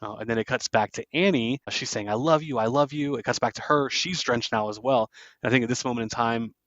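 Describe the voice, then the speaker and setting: A man's voice: medium pitch, quick pace, fairly bright tone, no room sound, muffled recording. A man hosting a podcast, loosely retelling a film scene by scene with plenty of fillers. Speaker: podcast host. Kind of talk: casual film recap.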